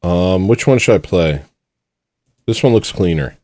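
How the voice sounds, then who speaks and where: A man's voice: deep voice, animated, measured pace, darkish tone, no echo. A man hosting a livestream, talking bluntly and rambling in a self-mocking way. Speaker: livestream host. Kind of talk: casual livestream rant.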